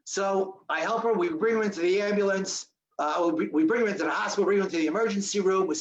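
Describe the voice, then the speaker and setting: A man telling a survival story to an audience, acting out the dialogue with sudden jumps in his voice. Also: fast. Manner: animated, acts out quoted dialogue with sharp pitch jumps. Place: audience hall. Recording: dull lo-fi recording.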